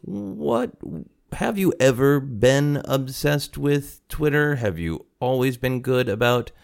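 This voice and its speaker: A man's voice: mid-range voice, expressive, takes it slowly, vocal fry, clean tone. A man hosting a podcast from his apartment, chatting casually in a rambling, self-deprecating way and laughing often. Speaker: podcast host. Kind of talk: casual chat. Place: home apartment.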